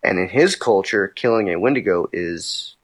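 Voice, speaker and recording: A man's voice: sits low, expressive, normal speed, low-quality recording. A man co-hosting a casual podcast chat, talking hesitantly with many fillers and reading quotes aloud. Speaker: podcast co-host.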